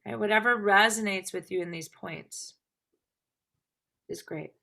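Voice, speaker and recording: A woman's voice: medium pitch, unhurried, gravelly, pushed and bright. A woman teaching a live tapping class, explaining things conversationally and often checking in with "right?".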